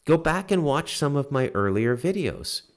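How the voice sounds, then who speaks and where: A man in his forties, hosting a solo commentary and ranting with profanity and loud outbursts, punctuating his points with "okay?". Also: medium pitch, sing-song, normal speed. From Canada. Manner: repeats "okay?" to drive points home. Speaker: political commentary host.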